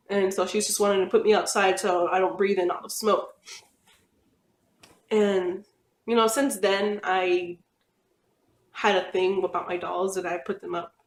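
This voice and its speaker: A young woman telling personal stories in a rambling, chatty way, with lots of fillers. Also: medium pitch. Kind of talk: casual storytelling. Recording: echoey room.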